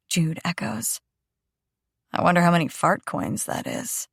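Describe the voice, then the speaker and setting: A woman narrating an audiobook in the first person, in a measured, unhurried way. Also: fairly low pitch, fairly even intonation, vocal fry, no echo, clean studio sound.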